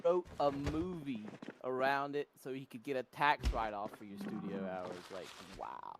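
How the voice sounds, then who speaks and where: A man's voice: mid-range voice, animated, normal speed, background noise. A man from North Carolina chatting casually, telling rambling stories full of tangents and self-corrections. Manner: rambling, tangent-prone storytelling. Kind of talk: casual chat.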